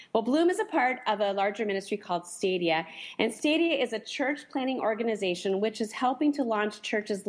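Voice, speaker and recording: A woman hosting a casual radio talk show, chatty and quick to laugh. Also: medium pitch. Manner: chatty, warm, laughs easily.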